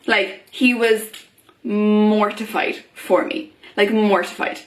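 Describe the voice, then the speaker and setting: A woman's voice: mid-range voice, steady tone, slow pace. Chatty young woman in an echoey room. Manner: chatty, many fillers, acts out quoted voices. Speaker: vlogger. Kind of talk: casual talk to camera.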